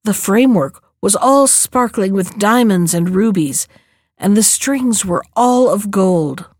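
A woman narrating a fairy tale in a clear, measured storybook reading. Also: medium pitch, expressive, darkish tone, no room sound, studio quality.

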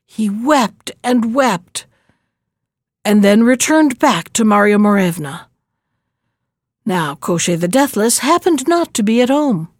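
Slow, dry-voiced woman storyteller. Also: fairly high pitch, animated, dry recording. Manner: slow, measured fairy-tale narration. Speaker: narrator. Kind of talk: storybook reading.

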